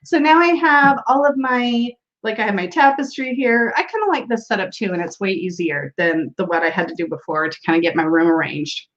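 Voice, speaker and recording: A woman's voice: medium pitch, a little fast, few pauses, a bit bright, dull audio. A woman hosting a casual tarot livestream from a room at home, greeting viewers by name and laughing often.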